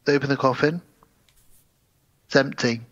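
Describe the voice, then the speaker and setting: A man co-hosting a casual film review podcast, retelling scenes in an animated way and quoting characters in put-on voices. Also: mid-range voice, normal speed, dry recording, highs cut off. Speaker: podcast co-host.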